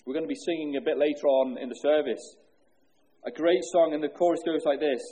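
A man preaching an earnest sermon from the pulpit, with a husky, mellow voice that sits a little high. He asks the congregation questions and sinks low and slow on solemn words. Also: fairly even intonation. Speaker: pastor.

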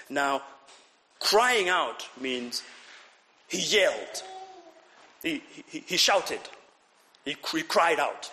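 Animated man preaching in a reverberant hall. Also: a little high, drawn-out words, long pauses. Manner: animated, repeats words, builds to shouts. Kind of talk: sermon.

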